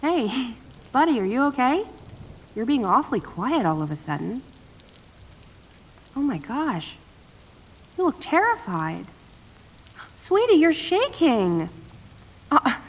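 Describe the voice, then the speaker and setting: A young woman voicing a playful, protective female kitsune friend in an audio role-play, teasing and cheerful with a soft, reassuring side. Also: high-pitched, full character voice.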